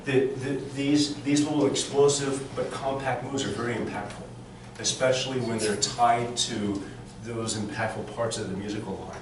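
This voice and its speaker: A man's voice: mid-range voice, steady tone, moderate pace. Man coaching a chorus in an echoey room. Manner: sings phrases to demonstrate, many restarts. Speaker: vocal coach. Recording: echoey room, mic far off, background noise.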